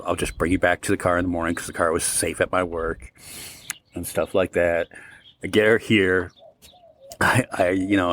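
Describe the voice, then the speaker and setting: Low-voiced man rambling through a story. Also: slight background noise. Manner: rambling, animated retelling with quoted dialogue. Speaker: podcast co-host. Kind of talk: casual storytelling.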